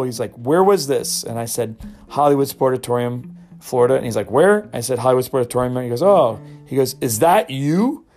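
A man's voice: medium pitch, darkish tone. A middle-aged man hosting a show, telling a story casually and acting out quotes in raised voices. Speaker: podcast host.

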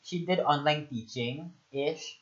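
A man's voice: a little high, slow. A man with a Filipino accent hosting a casual chat, playful and teasing, mixing English with Tagalog. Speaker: host. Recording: slightly muffled lo-fi audio.

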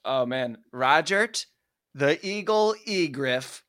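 A man's voice: fairly high pitch, lively intonation, slow, a crowd in the background. A man co-hosting a casual comedy chat, teasing his friends and laughing often. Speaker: podcast co-host.

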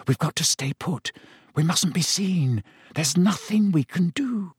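A man's voice: a little high, a little slow, breathy edge, dry recording, studio quality, voice pushed up. Hermione, a man voicing a fretful teen girl. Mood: anxious insistent. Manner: urgent, insistent whispering and snapping. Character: anxious bossy teenage schoolgirl witch.

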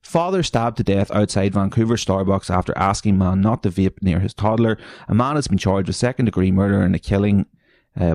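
Man, low voice, dry close sound, podcast host, sweary, mocking, laughs a lot. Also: brisk, darkish tone, no echo. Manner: sweary, mocking, laughs often, jumps into high silly voices. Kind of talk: solo podcast commentary reading online posts.

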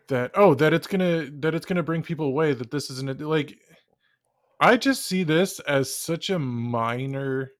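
A man hosting a podcast in casual chat, pausing and searching for words. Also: mid-range voice, no room sound, clean studio sound. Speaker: podcast host.

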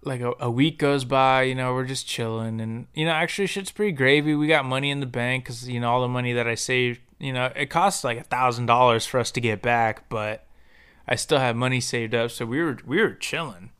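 A young man from the United States tells a personal story on his podcast. He speaks in a loose, profane, slangy way, and his voice is bright and smooth. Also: medium pitch, brisk. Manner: profane, slangy, animated when quoting others. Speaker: podcast host.

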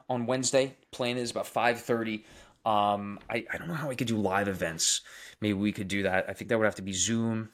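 A man's voice: mid-range voice, fairly bright tone. A young man from Long Island with a Long Island accent, a dentist chatting casually on a livestream, reading out viewer comments and answering them. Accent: Long Island New York. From Long Island, New York. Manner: reads viewer names aloud and answers them, often repeating phrases.

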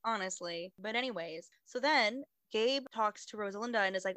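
A woman's voice: medium pitch, moderate pace, fairly bright tone, clean tone, dry recording, poor audio. Chatty young woman telling a story. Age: young adult. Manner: chatty storytelling, acts out lines with fillers like "like". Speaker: university student, co-host. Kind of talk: casual chat.

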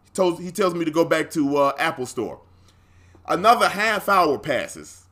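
Swearing freely and acting out what people said, a young man animatedly tells a casual story while co-hosting a podcast. He speaks at a moderate pace with a fairly high pitch.

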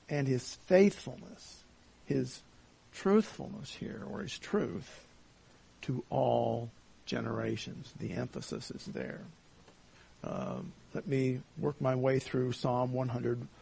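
Slow, gravelly-voiced man teaching Scripture. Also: mid-range voice, very animated, dark tone. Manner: slow and deliberate, with many pauses and fillers. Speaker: Bible teacher. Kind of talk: verse-by-verse Bible lesson.

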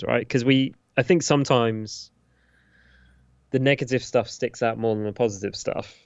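A man's voice: lowish voice, vocal fry, a bit bright, clean tone, no room sound. A man co-hosting a podcast in casual chat, reflective and thinking aloud, on a slightly muffled recording. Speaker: podcast co-host. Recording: slightly muffled, dull sound.

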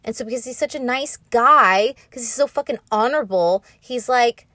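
A woman's voice: on the high side, normal speed, sharp tone, no room sound, studio quality. A young woman vlogger recapping a story casually, rambling, sarcastic and full of swearing.

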